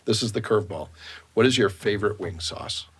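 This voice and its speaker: A man's voice: on the low side, fairly quick, gravelly, breathy edge. A middle-aged man with a Boston accent hosting a podcast, chatting playfully with his guest. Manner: playful, jokey. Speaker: podcast host. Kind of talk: casual interview chat.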